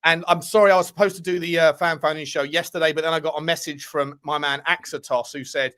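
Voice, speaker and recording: An excitable man hosting a live stream, his voice high and bright. He chats loosely and thanks viewers by name. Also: fast talker. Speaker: host. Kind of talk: casual live-stream chat.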